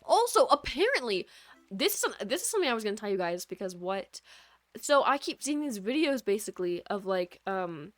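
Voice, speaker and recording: A woman's voice: mid-range voice, big pitch swings, brisk. A young woman from the American Midwest with a Midwestern accent, chatting casually and rambling while she streams a game, her sentences full of "like". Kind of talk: casual gameplay chat. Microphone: USB microphone. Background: soft lofi music.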